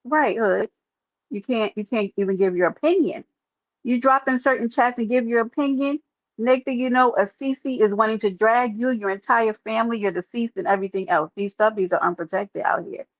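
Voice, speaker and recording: A woman live streamer, sharing her opinion in casual, animated talk and calling out viewers in chat by name. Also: a little high, brisk, no echo, lo-fi sound.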